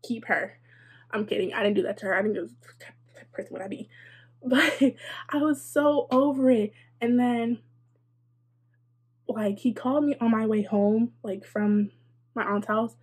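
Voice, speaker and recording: A woman's voice: a little high, moderate pace, long pauses, a little mellow, slightly rough. A young adult woman telling a casual storytime, chatty and sarcastic, with lots of "like" and wry asides. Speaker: vlogger.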